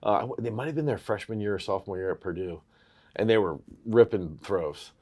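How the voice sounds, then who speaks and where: A man in his thirties with a low voice co-hosts a throws coaching show. He talks casually and gets loud and animated when he tells a story. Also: brisk. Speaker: throws coach, podcast co-host. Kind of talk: casual sports chat.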